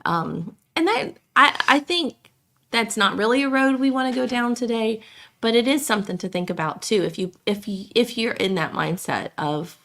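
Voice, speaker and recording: A hoarse woman, co-hosting a podcast in rambling casual chat with many fillers and restarts. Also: on the high side, lively intonation, moderate pace, a bit bright. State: hoarse, coughing. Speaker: podcast co-host.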